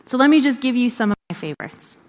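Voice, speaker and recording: A woman's voice: fairly high pitch, animated, fast talker, a little mellow. A woman giving a conversational devotional teaching in an earnest way, repeating phrases for emphasis. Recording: long hall reverb.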